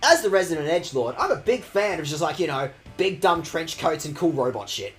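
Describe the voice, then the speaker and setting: A man's voice: a little high, sing-song, fairly quick, fairly bright tone, soft background music. A man streaming a video game, ranting at the characters with sarcastic, profane commentary. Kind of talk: let's-play commentary.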